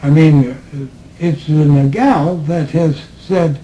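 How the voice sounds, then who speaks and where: A man giving a slow, reflective spiritual talk, halting often with fillers and repeated words. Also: a little high, steady tone, dark tone, a little hiss or hum, low-quality recording. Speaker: spiritual speaker.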